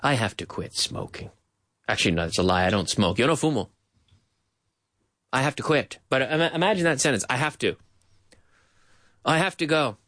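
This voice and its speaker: A man's voice: medium pitch, animated, moderate pace, long pauses, a bit bright, dry recording, studio quality. A man teaching English in a live-streamed lesson, repeating phrases to drill them and switching between English and Spanish.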